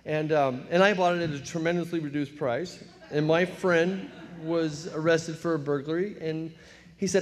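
A man in his fifties from telling his recovery story at a meeting, storytelling with self-mocking laughs and quick put-on voices for his younger self. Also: on the high side, steady tone. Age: 50s. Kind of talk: personal testimony talk. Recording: long hall reverb.

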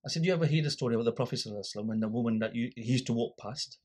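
Man, husky, casual interview, storytelling, mimics other people. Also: medium pitch, racing. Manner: animated storyteller, acts out quoted dialogue. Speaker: guest, volunteer litter picker.

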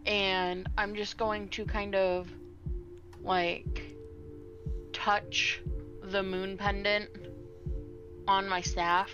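Woman playing dnd, slow and flat, muffled sound with music over it. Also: medium pitch. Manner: slow, hesitant. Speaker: player. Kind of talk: describing her character's actions.

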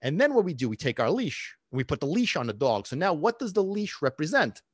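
A man explains dog training in an emphatic, casual way, with a fairly high voice that leaps up and down a lot. He keeps throwing out rhetorical questions, and the sound is dry and close. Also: sing-song, a little fast, breathy edge, no echo. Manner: emphatic, rhetorical questions, frequent "okay?" and "right?". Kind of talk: casual instructional talk.

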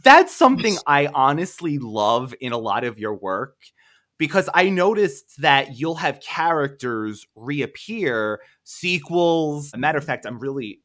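A man's voice: fairly high pitch, very animated, measured pace, a bit bright. A man with a New York accent hosting a casual interview, eager and encouraging toward his guest. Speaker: podcast host.

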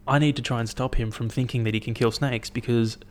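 A young man talking to camera in a casual, rambling monologue, blunt and swearing a lot as he thinks out loud. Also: mid-range voice, fairly even intonation, fast talker. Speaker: vlogger.

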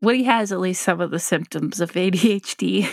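A woman co-hosting a podcast in casual chat, talkative and quick to laugh. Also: fairly low pitch, creaky, darkish tone, no room sound, clean studio sound. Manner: chatty, laughs often, quick asides. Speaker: podcast co-host.

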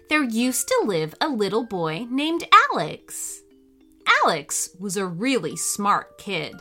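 A woman hosting and reading a children's story, cheerful and expressive, with faint music behind her. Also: fairly high pitch. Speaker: host and storyteller.

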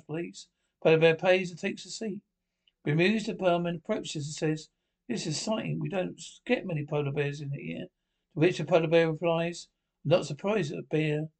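Guy reading pub jokes, kinda gravelly, trips over words and restarts a lot. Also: a little high. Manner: halting read with frequent restarts. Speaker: joke teller.

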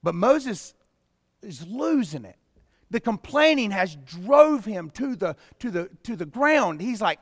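A man pastor preaching a sermon with emphatic delivery that rises to loud exclamations. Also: sits high, big pitch swings, slow pace, no echo, studio quality, long reverb tail.

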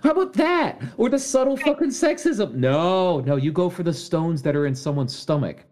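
A man's voice: sits high, big pitch swings, normal speed, a little mellow. A man co-hosting a casual movie review podcast, teasing and swearing freely. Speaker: podcast co-host.

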